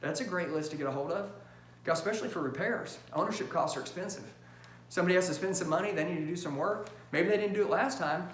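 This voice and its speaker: A man coaching salespeople in an emphatic, punchy style, acting out phone calls in quick bursts and checking in with his audience. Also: high-pitched. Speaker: sales trainer. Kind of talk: high-energy sales training talk. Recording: roomy echo with faint hum.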